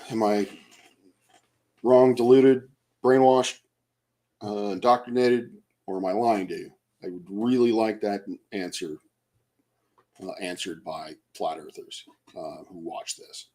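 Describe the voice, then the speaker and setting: Man, lowish pitch, animated, rambling late-night livestream, hesitant, many fillers. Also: slightly rough. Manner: chats to viewers by name. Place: at home at night.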